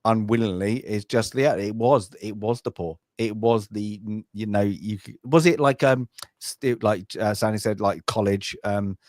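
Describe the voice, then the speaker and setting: A man's voice: lowish voice, normal speed, a little mellow, dry recording, studio quality. A man from Britain co-hosting a podcast, chatting casually about a film, rambling with many fillers and restarts. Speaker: podcast co-host. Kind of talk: casual film review chat.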